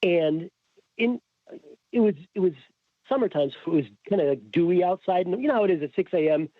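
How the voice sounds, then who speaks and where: Animated man telling a story over a tinny line. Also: high-pitched, a little fast, no echo. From Connecticut. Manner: acts out the quoted voices as he tells. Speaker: podcast guest. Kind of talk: casual storytelling.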